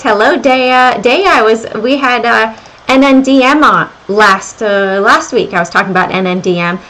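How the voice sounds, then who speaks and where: A middle-aged woman with a slight Southern American accent hosts a casual stock and crypto livestream from a room at home that's being renovated. Her voice is fairly high, and the poor audio carries slight background noise. She's chatty, reading viewer comments aloud and thinking out loud as she goes.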